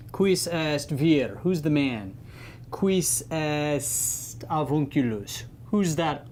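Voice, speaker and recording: A man's voice: medium pitch, darkish tone, slight background noise. A man giving an informal Latin grammar lesson, chatty and playful, leaning on the key words. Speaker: Latin teacher.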